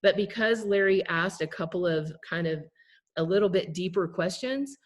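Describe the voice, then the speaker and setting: A woman with a slightly low voice walks her class through a story during a video call. She talks conversationally and keeps checking in with her listeners. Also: normal speed. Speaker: class presenter. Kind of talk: storytelling lesson.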